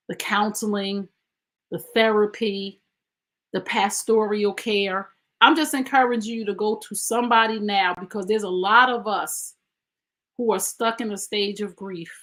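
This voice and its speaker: This podcast host has a mid-range, somewhat bright voice. She shares personal stories in an emphatic, conversational way, addressing her audience directly.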